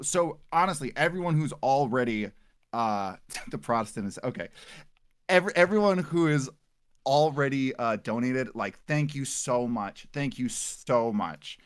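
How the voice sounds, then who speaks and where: A man's voice: medium pitch, no echo, studio quality. A man joining a livestream as a longtime collaborator, speaking hesitantly with many fillers and earnest thanks. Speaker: longtime collaborator and guest on the stream. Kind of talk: casual livestream chat.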